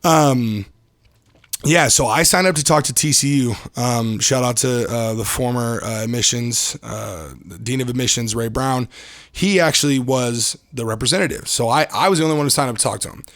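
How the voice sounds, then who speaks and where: A man's voice: mid-range voice, moderate pace, a bit bright, no room sound, studio quality. A young adult man from Detroit, a podcast guest telling stories in a loose, slangy way with frequent restarts. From Detroit, Michigan. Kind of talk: casual storytelling interview.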